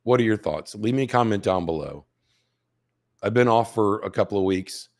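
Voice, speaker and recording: A man in his fifties talks straight to his viewers as a show host, pressing his points with rhetorical questions. His voice sits a little low and carries a slight hoarseness. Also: moderate pace. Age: 50s. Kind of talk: direct-to-camera commentary.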